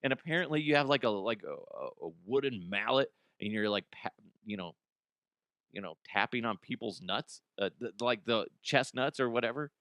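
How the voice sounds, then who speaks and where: Bright-voiced man riffing on news. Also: mid-range voice, moderate pace, dry recording. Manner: rambling, swears, laughs at own jokes; casual, blunt, frequent restarts. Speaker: host. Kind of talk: comedic news commentary.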